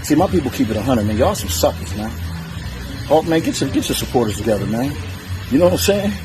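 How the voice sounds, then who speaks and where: A man's voice: medium pitch, sing-song, quick pace. A man delivering a profane, boastful, defiant trash-talk rant straight to the camera. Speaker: challenger in a strength feud. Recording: music playing under the voice.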